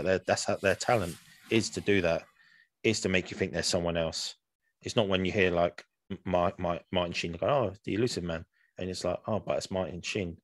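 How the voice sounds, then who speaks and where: A man with a low voice co-hosts a podcast, recorded dry. His talk is casual and rambling, full of restarts and laughter.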